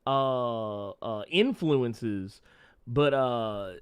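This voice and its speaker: A man's voice: medium pitch, extremely slow, clear, resonant tone. A man hosting a casual interview chat, rambling with many restarts and frequent laughter. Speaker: podcast host.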